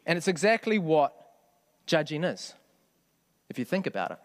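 A man's voice: fairly high pitch, sing-song, normal speed. A man preaching a sermon in a conversational way, often asking the congregation questions. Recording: long hall reverb.

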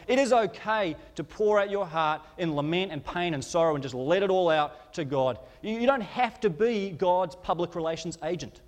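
A man preaching a sermon with passion and a fairly high voice. He acts out the quoted cries to God with mounting urgency. His words ring through a large, echoing hall. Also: animated, moderate pace, hardly any pauses. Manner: impassioned, acts out quoted cries with rising pitch. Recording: long hall reverb.

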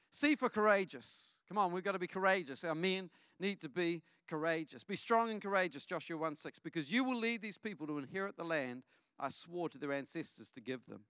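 Speaking fairly quickly in a smooth, fairly high voice, a middle-aged pastor delivers a church sermon with no echo and clean studio sound. He tells family stories in a lively manner, posing questions to the congregation.

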